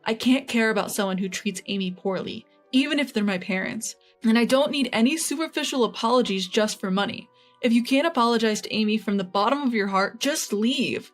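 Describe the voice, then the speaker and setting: Woman doing a steady young husband who stands up for his wife, raised pitch, faint music, storybook read. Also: a little fast. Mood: firm. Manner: firm and steady. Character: young husband, calm and protective.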